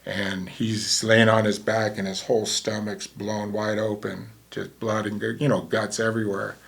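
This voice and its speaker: A man's voice: on the low side, little pitch movement, normal speed, gravelly, a bit bright. A man in his sixties, a former paramedic, telling a vivid story in a casual way and acting out the dialogue.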